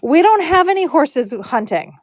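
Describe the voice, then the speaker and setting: A woman voicing a startled, curt homeowner who exclaims in a high voice. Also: very animated, normal speed, no room sound.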